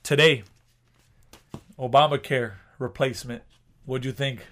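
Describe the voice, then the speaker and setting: A man's voice: mid-range voice, fairly even intonation, a little slow, a bit bright. A man co-hosting a podcast in casual chat, rambling with restarts and swearing. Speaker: podcast co-host.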